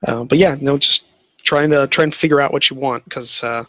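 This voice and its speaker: A man running a tabletop role-playing game, explaining options in a halting way with many fillers. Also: medium pitch, fairly even intonation, pushed and bright, no echo, poor audio. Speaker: game master.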